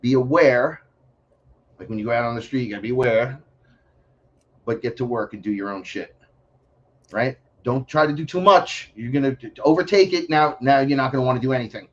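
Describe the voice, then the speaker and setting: A man from the Bronx with a New York accent, a podcast guest talking in a blunt, profane, animated way. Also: mid-range voice, brisk, long pauses, dull audio. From New York City, the Bronx. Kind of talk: casual podcast chat.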